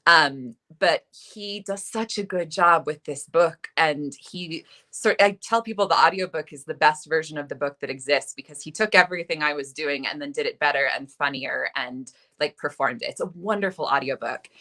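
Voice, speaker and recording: A woman author telling a lively, self-deprecating anecdote in a chatty interview, full of "like" and asides. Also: deep voice, normal speed, few pauses. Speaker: author guest. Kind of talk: animated anecdote on a video interview.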